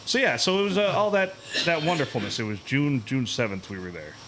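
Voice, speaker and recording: A man tells a story on a podcast in a loose, profane, ranting way. He talks at a middling pitch and keeps the anecdote animated. Faint background noise sits under his voice. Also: a little fast. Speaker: podcast host.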